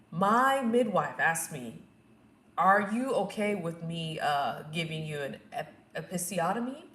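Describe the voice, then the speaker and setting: A young woman recounts her experience in a relaxed, chatty way, acting out voices and laughing at herself as she goes. Her voice sits on the low side for a woman, and the room adds a noticeable echo. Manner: animated, acts out quotes and screams, laughs at herself. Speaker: vlogger telling her birth story. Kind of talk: casual personal storytelling. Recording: echoey room.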